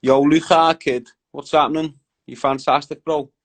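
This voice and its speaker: A man's voice: fairly high pitch, fairly even intonation, moderate pace, poor audio. A young man hosting a casual live stream, bantering with viewers in a slangy, chatty way. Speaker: livestream host.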